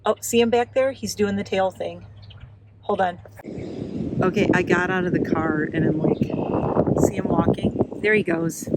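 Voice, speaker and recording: A woman vlogging casually while filming birds from her car and yard, chatty and excitable, sometimes out of breath. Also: normal speed, long pauses, heavy background noise. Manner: excited and chatty, breaks into high squeals when calling her turkey. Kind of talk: casual vlog narration. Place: in a car and outdoors in a windy yard.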